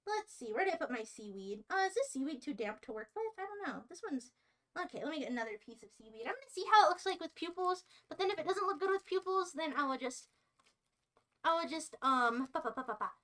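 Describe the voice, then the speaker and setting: Very high, bright, bubbly woman streamer. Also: quick pace. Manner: bubbly, gushing, excitable, talks to chat. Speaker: live streamer. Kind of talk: casual live-stream chat while cooking.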